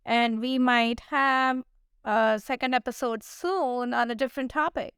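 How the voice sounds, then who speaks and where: A woman hosting an interview podcast, asking questions hesitantly with many pauses and ums. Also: on the high side, fairly bright tone, smooth, no room sound, clean studio sound. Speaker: podcast host. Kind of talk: casual interview chat.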